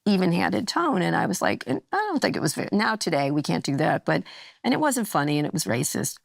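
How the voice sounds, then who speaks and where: A woman's voice: on the low side, fast talker, gravelly, dry recording, clean studio sound. A middle-aged woman, a guest on a talk show, chatting casually and acting out the people in her stories. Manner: animated storytelling, acts out quoted dialogue. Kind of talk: casual chat.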